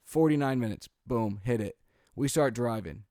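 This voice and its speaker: A man in his thirties tells a chaotic family story in a casual podcast chat. He acts out what everyone said and leans on "like" and "um" as he goes. His voice is mid-pitched and sits close to a dry microphone. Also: normal speed, no echo. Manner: animated storyteller, acts out quotes, frequent "like" and "um". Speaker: podcast co-host.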